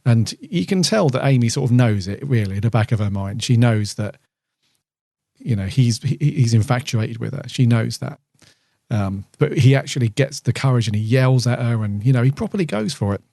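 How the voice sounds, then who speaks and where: A man's voice: mid-range voice, lively intonation, normal speed, vocal fry, mellow, no echo, studio quality. A man co-hosting a podcast, chatting casually about an episode, with a rambling delivery full of fillers and restarts. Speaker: podcast co-host. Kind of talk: casual chat reviewing an episode.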